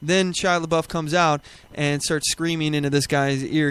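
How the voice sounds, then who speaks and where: A man's voice: on the high side, fairly even intonation, fairly quick, vocal fry, hardly any pauses. A man hosting a political talk show, giving argumentative commentary with rhetorical questions and frequent restarts. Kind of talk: opinionated commentary.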